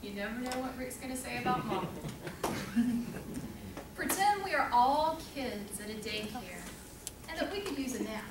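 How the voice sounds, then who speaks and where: A woman's voice: a little high, expressive, normal speed, pauses often. A woman leading a meeting segment, giving playful, teasing prompts to speakers. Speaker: table topics master. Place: meeting room with an audience. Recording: echoey room from far off, loud crowd and noise.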